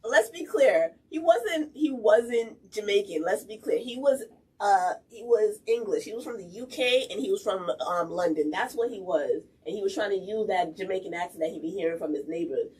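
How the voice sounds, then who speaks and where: A woman's voice: mid-range voice, moderate pace, husky. A woman co-hosting a radio talk show, telling stories in casual chat, acting out quotes and laughing often. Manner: animated storyteller, acts out quotes, laughs often. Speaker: radio co-host. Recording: distant mic, faint room noise.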